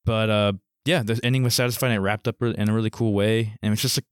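A man on a movie podcast, summing up a film's plot in a relaxed way with frequent fillers. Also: fairly low pitch, quick pace, clear, resonant tone, no room sound, studio quality. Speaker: podcast co-host. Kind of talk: casual movie discussion.

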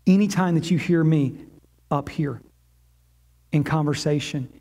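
A man's voice: a little high, a little slow, warm tone. A man preaching a sermon to his church, impassioned and given to repeating phrases in a chanting rhythm. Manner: impassioned, repetitive chanting cadence. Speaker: pastor.

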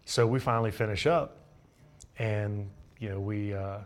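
A young man, a baseball pitcher guesting on a show, telling relaxed, joking stories in casual chat. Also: measured pace. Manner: laid-back, joking anecdotes with laughs.

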